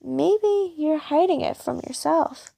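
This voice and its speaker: A smirking teenage killer with a rough yet smooth voice teases in an unhurried, gravelly tone, as a woman reads him out. The delivery is slow and close. It comes from a home-read fan story. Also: high-pitched, lively intonation, mellow, no room sound, pitched above the performer's own voice, full character voice. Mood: teasing. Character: smirking teenage male killer, teasing and calm.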